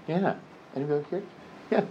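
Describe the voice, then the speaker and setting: A man leading a prayer workshop with a group, talking conversationally, with restarts and slow emphasis. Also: a little high, highs cut off, background noise. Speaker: workshop leader. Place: meeting room with a group.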